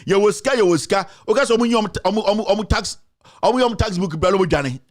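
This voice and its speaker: A man's voice: high-pitched, rapid-fire. A man with a Ghanaian accent delivering a heated political rant, repeating his accusations with emphasis. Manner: mixes in another language. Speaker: commentator.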